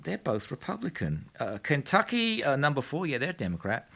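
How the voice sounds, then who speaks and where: A man's voice: medium pitch, huge pitch swings, fairly quick, gravelly, few pauses, a bit bright. A man with a Texas accent hosting a political commentary show in a studio, speaking with mock-astonished, theatrical sarcasm.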